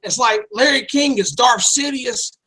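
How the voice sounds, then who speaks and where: A man's voice: very high-pitched, unhurried, bright, forceful tone, poor audio. A man co-hosting a casual wrestling podcast, rambling and joking crudely. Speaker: podcast co-host.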